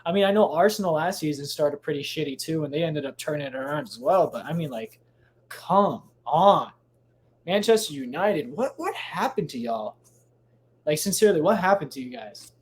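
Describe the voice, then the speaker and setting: A man's voice: fairly high pitch, expressive, moderate pace. A man hosting a solo podcast, rambling casually with lots of swearing, restarts and tangents, recording at home late at night. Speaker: podcast host.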